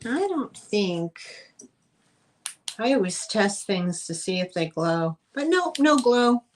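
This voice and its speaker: A woman's voice: mid-range voice, a little hiss or hum. A woman hosting a casual live-stream vintage sale, chatty and rambling with lots of fillers. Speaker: host selling vintage items.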